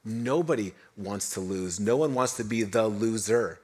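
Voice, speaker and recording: A middle-aged man preaching a sermon, telling a Bible story with lively voiced quotes and dropping to soft, low tones for emphasis. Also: measured pace. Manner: animated storytelling, voicing biblical figures, drops to soft low tones for emphasis. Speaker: pastor.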